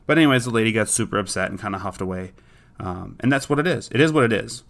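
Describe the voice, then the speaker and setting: A man's voice: lowish voice, lively intonation, fast, creaky, a bit bright. A man talking casually and bluntly, giving opinionated advice about dogs and their owners. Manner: blunt and opinionated, with frequent restarts.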